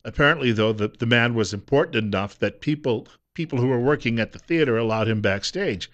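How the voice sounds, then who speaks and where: Brief: male talk radio host, chatty and unpolished, mid-pitched voice, studio booth. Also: a little fast, fairly bright tone, highs cut off. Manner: conversational, with frequent uh fillers and repeats. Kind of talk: casual radio commentary.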